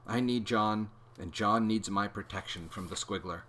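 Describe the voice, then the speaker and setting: A man reading a children's book aloud as host, with expressive, animated storytelling. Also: on the low side, normal speed.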